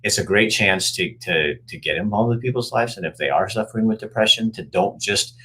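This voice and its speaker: Older male host, low husky voice, chatty and jokey. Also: fairly quick, sharp tone, poor audio. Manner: chatty, jokey, rambling with many restarts. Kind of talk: casual chat.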